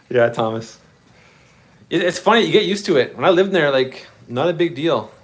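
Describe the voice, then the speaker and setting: Excitable man with a lively voice. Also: fairly high pitch, a little slow, pauses often. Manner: chatty and excitable, greets viewers by name, laughs often. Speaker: livestream host of a model railway channel. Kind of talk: casual live-stream chat with viewers.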